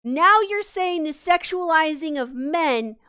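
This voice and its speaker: A woman's voice: sits high, expressive, slow pace, pushed and bright. A woman streamer venting angrily and profanely to her live chat, exasperated and swearing. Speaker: streamer host. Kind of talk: heated live-stream rant.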